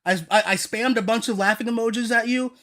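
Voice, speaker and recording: Speaking directly to her chat during a manga chapter reaction stream, a woman gets excitable and hyped, occasionally shouting frantically. Her voice is on the high side and her pace quick.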